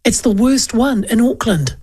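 A middle-aged woman with a New Zealand accent hosting talkback radio, chatting casually and telling animated stories between listener texts. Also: on the high side, a little slow, breathy edge.

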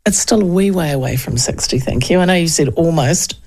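A woman's voice: deep voice, a little fast, gravelly, darkish tone. A woman in her fifties with a New Zealand accent hosting a talk radio show, talking through poll numbers in a casual, digressive way with lots of fillers. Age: 50s. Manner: chatty, digressive, with frequent fillers and laughs. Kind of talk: casual political commentary.

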